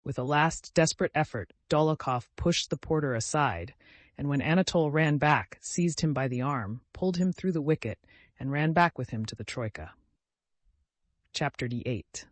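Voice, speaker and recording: A man narrating an audiobook in a measured storytelling voice. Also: fairly high pitch, no room sound. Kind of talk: scripted narration.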